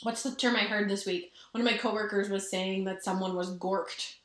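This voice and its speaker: A woman's voice: medium pitch, fairly even intonation, brisk. A woman co-hosting a podcast in casual chat who talks playfully and acts out quotes. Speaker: podcast co-host. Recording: echoey room.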